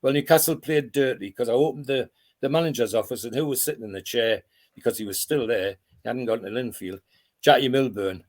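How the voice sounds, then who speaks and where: A former footballer in his 80s from Tyneside in North East England reminisces over a video call in a casual interview. His medium-pitched voice moves a little fast, and he rambles, restarts and chuckles as he goes.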